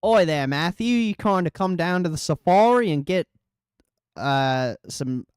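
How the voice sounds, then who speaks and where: A man putting on a brash mock Australian accent, loud and jokey. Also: expressive, measured pace, clear, resonant tone, no room sound, studio quality. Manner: loud, high, jokey caricature.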